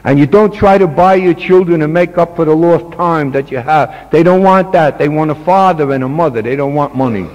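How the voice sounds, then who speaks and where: A man's voice: fairly high pitch, a little fast, few pauses, a little mellow. A plain-spoken older man addresses a meeting, earnest and folksy, his words carrying a long reverb through a hall. The sound is dull and muffled, like an old tape converted to digital. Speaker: recovery meeting speaker. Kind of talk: personal talk to a meeting.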